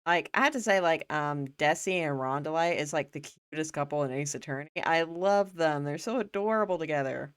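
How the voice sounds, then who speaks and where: A woman's voice: deep voice, brisk, hardly any pauses, clear, resonant tone, no echo, studio quality. A young woman streaming a game, chatting casually and gushing as a fan. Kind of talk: casual gameplay chat.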